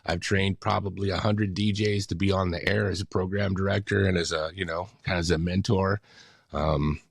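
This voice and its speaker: A man who works as a radio imaging voice talent, talking as a podcast guest in an eager, storytelling way, with a deep announcer-style voice and frequent laughs. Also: dry recording, studio quality. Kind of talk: casual podcast chat.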